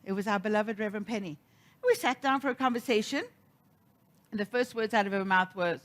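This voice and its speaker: A woman's voice: mid-range voice, fairly quick, a bit bright. A middle-aged woman giving a sermon, telling a personal story and acting out the quoted voices. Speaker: minister.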